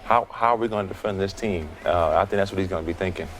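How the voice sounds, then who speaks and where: A man with a very deep voice answers interview questions in a relaxed, thoughtful way, often pausing on fillers. Faint background noise from a restaurant sits behind him. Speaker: interview guest, football player. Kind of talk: casual interview.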